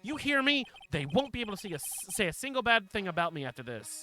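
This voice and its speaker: A man's voice: high-pitched, sing-song, fast talker, bright, forceful tone, soft background music, pitched above the performer's own voice, full character voice. A man voicing a pompous, vindictive middle-aged doctor in a video game. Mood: gloating. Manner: pompous, gloating.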